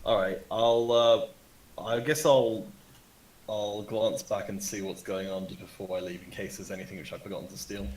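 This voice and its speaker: A man's voice: fairly low pitch, little pitch movement, moderate pace, a little mellow, poor audio. A man playing a tabletop game, jokey and self-mocking as he talks through his turns. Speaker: player.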